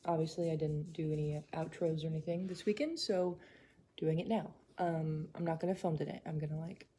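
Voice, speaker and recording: A woman's voice: deep voice, brisk. A woman artist chatting casually to camera in her studio, rambling with lots of fillers and side remarks. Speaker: artist and vlogger. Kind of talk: casual vlog chat to camera. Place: indoor art studio. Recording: echoey room with steady background noise. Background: room ambience, a passing train.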